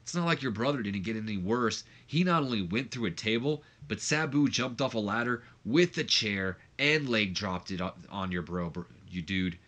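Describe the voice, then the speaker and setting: A man's voice: fairly low pitch, expressive, moderate pace, few pauses, fairly bright tone. A man voicing a laid-back young male wrestler who drawls and keeps saying dude and bro. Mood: easygoing.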